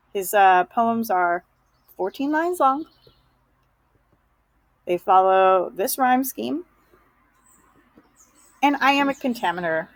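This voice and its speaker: A woman's voice: on the high side, no echo. A woman teaching a lesson on poetry, explaining step by step in a patient way and checking in with the listener often. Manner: patient, checks in with okay and right.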